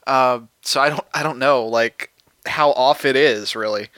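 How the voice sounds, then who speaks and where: A man's voice: mid-range voice, measured pace, sharp tone, no echo. A man co-hosting a podcast, joking and a bit self-deprecating in casual chat. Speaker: podcast co-host.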